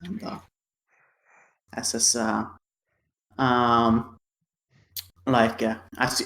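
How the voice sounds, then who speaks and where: A man's voice: mid-range voice, drawn-out words, pauses often, echoey room, rough recording. A man playing a tabletop game, speaking animatedly in character. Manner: animated, speaks in first person as his character. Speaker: player.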